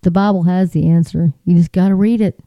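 A woman speaks in a very dark, mellow voice, sharing her faith in a chatty, emphatic, folksy way. The sound is dry and close, with no room around it. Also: lowish voice, fairly even intonation, a little fast, no room sound, dull audio. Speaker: Christian speaker. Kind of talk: casual testimony.

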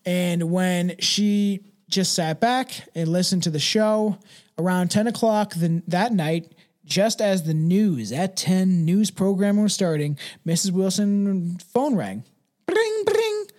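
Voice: medium pitch, slow, a little mellow. A podcast co-host reading a ghost story aloud in a casual way, laughing often and stumbling over the words.

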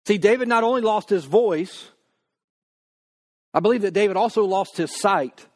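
Pastor, male, high voice, casual preaching manner that slows right down for quoted prayers. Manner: conversational preaching, acts out quoted prayers slowly. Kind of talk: sermon.

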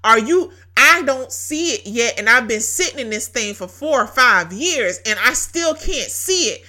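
Lady host doing a devotional talk, bright voice, kinda high, laughs a lot and repeats stuff for emphasis. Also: moderate pace. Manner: animated storytelling with frequent laughter; emphatic, repeats key phrases. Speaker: podcast host.

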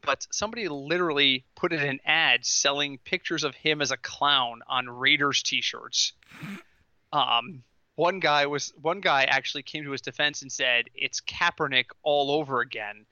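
A man chats on a casual podcast with a very bright, slightly high voice, telling stories with animation and stifled laughter. The sound is dry and a little dull, as if through a modest mic. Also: normal speed, no echo. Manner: animated storytelling, laughing through his lines. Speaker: podcast co-host.

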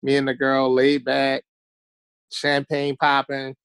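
A man's voice: medium pitch, monotone, takes it slowly, a bit bright, smooth, no room sound. A man, a podcast guest telling loose stories in casual chat and acting out what people said. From Baltimore. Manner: loose storytelling, acts out quotes.

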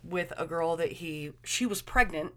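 A woman's voice: lowish voice, a little slow. A woman in her thirties chatting casually as a podcast co-host, blunt and profane, often breaking into laughter. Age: 30s. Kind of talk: casual chat.

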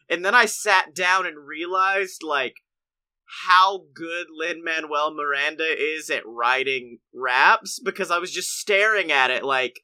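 A man co-hosting a casual theme park podcast, excitable and quick to laugh, ranting with rising energy. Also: clear, resonant tone. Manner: excitable, laughs often, rants with rising pitch. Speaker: podcast co-host. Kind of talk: casual chat.

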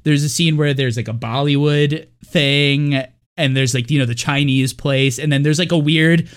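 A man's voice: fairly high pitch, fairly even intonation, moderate pace. A man co-hosting a casual movie podcast, rambling with lots of fillers and now and then putting on mocking voices for the characters. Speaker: podcast co-host.

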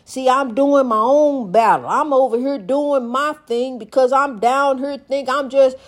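A high-pitched older woman delivers a spiritual pep talk straight to her viewers. She preaches and exhorts, circling back over the same phrases and calling the listener honey. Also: a little slow. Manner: rambling, repeats phrases. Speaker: vlogger.

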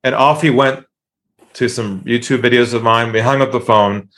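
A man's voice: mid-range voice, moderate pace. Man telling sales stories with acted-out calls. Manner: animated, acts out calls in excited voices. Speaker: sales trainer guest. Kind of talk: storytelling interview.

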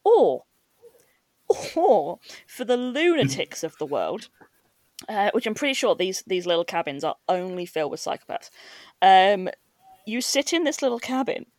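A woman hosting a podcast, chatting casually with quick asides and frequent laughs. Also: medium pitch, big pitch swings, darkish tone, no echo. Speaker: podcast host. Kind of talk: casual chat.

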